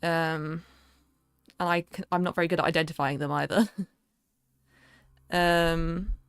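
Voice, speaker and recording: A woman's voice: low voice, steady tone, measured pace, clean tone, dry recording, clean studio sound. A young woman with a southern English accent, chatting casually and rambling with a lot of fillers on a livestream. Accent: southern English, London area. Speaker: streamer.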